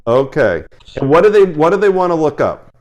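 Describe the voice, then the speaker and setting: Um homem que apresenta uma entrevista casual por chamada de vídeo e fala com entusiasmo, recomeçando as frases. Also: male voice, a little high, big pitch swings, a little mellow. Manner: enthusiastic, talks in quick restarts. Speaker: interview host. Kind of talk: casual video-call interview. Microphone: video call.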